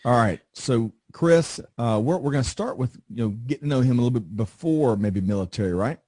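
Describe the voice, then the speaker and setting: A man's voice: mid-range voice, lively intonation, fairly quick, dark tone, dry recording, studio quality. A man hosting a veteran-focused podcast, introducing guests in an upbeat, enthusiastic way with frequent repeated words. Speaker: podcast host.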